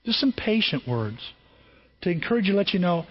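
A man preaches a sermon in a high, husky voice, telling stories with animated swings and frequent restarts. The recording is dull and lo-fi. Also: fairly quick. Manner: storytelling, animated, repeats and restarts phrases. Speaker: pastor.

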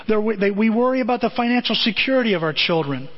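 Male pastor, middle-aged, conversational sermon, rhetorical questions, slightly high voice, muffled lo-fi recording. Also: lively intonation, fast. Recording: dull lo-fi audio.

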